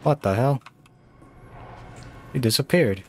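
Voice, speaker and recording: Slow-talking man with jumpy gaming commentary. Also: mid-range voice, a little hiss or hum. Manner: slow, drawn-out talk that jumps to startled shouts and curses. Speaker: gamer playing a horror game. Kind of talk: casual let's-play commentary.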